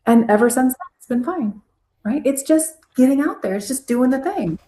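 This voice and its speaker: A woman's voice: high voice, moderate pace. Woman guest telling stories in an echoey room. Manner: storytelling, animated when quoting herself. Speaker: therapist, guest. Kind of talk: casual interview chat.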